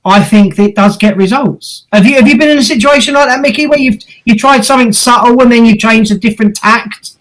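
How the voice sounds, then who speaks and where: High-pitched bloke, blunt and sweary, podcast guest talking ghost hunting. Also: male voice, a little fast, hardly any pauses, fairly bright tone, rough recording. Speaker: paranormal investigator guest. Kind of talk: casual podcast chat.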